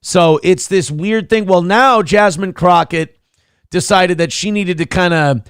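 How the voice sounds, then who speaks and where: A man's voice: high voice, measured pace, clear, resonant tone, dry recording, studio quality. A man hosting a morning talk show, crude, mocking and opinionated in casual banter. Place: radio studio.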